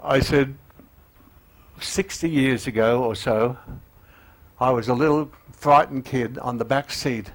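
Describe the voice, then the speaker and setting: A man in his eighties preaching a sermon, halting with fillers and restarts, often emotional, and growing louder and higher as he urges repentance. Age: 80s. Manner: rises in pitch and volume when urging repentance.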